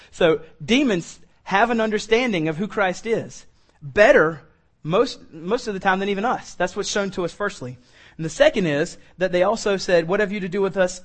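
A man preaching a casual verse-by-verse sermon, talking conversationally and acting out the quoted lines. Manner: conversational, acts out quoted lines with rising pitch.

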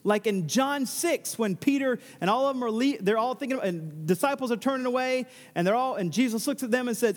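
A man's voice: very high voice, animated, brisk, few pauses, long reverb tail. A male pastor preaching a sermon, emphatic and given to exclamations.

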